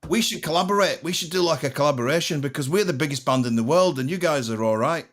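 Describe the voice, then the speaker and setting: A man putting on the voice of a loud, boastful male rock singer while telling a story. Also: fairly high pitch, quick pace, pitched above the performer's own voice. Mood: cocky. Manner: boastful, rowdy.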